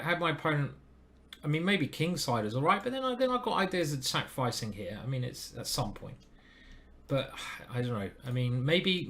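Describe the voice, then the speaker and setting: A man streaming live, commenting on his chess games and chatting to viewers with self-deprecating asides. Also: medium pitch.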